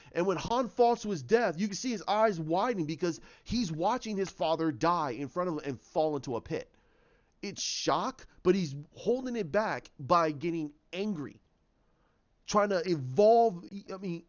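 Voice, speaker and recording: A man giving casual commentary on films, rambling and animated, acting out scenes in voices. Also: high voice, lo-fi sound. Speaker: YouTube commentator.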